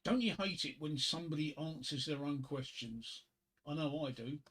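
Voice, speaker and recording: A man's voice: on the high side, moderate pace, fairly bright tone. A middle-aged man chatting casually on his live stream, rambling between topics and reading corny one-liner jokes aloud at a home desk microphone.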